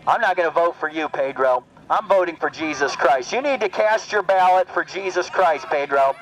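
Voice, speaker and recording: High-voiced taunting street preacher, a man. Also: moderate pace, low-quality recording. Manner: taunting, repeats each jab, calls out passers-by by costume. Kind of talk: open-air street preaching. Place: outdoors on a city street.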